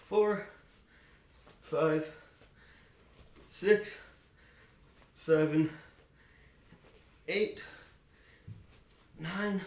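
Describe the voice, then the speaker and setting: A man's voice: fairly high pitch, fairly bright tone. A man leading a home workout, counting reps aloud and catching his breath as he exercises. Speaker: fitness instructor. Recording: echoey room.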